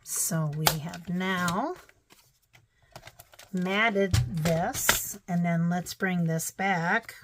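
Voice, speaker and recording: Woman, crafting vlog, very slow unhurried talk, lowish voice, thinking aloud, faint hiss behind. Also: fairly even intonation. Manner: thinks aloud, self-deprecating, chatty asides. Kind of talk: casual crafting vlog narration.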